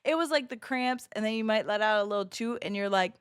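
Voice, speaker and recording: A woman livestreamer chatting casually with her viewers, telling animated stories with lots of laughing and swearing. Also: on the high side, fast talker, clean tone, no room sound, clean studio sound. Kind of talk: casual chat with stream viewers. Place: home streaming setup.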